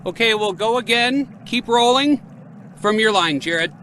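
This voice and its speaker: An effusive male director on set, gushing praise between takes. His tone is bright and sharp, his pace unhurried, his pitch lively. A faint noise hums behind. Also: exaggerated voice. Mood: enthusiastic. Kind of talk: audio drama acting.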